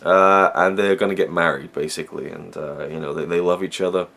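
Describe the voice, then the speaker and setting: A man's voice: low-pitched, fairly even intonation, brisk, gravelly, fairly bright tone. A man giving a casual, rambling film review, full of fillers and restarts.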